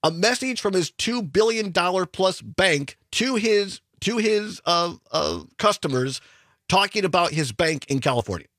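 A man hosting a political talk radio show in a studio, animated and joking with a co-host. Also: high-pitched, dry recording. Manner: animated, jokey, quick asides. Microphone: studio mic.

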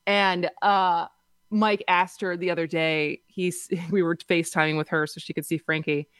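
Radio co-host, woman in her thirties, chatty storyteller, lowish voice, dry sound. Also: steady tone, normal speed, a bit bright, clear, resonant tone, no room sound. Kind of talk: casual radio chat. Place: radio studio. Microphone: studio microphone.

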